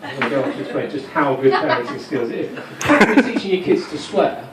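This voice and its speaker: A man's voice: medium pitch, animated, quick pace, heavy background noise. A man in his forties doing a rambling, self-mocking stand-up set with stumbling restarts. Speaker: stand-up comedian. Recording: roomy live venue from a distant mic, loud crowd laughter.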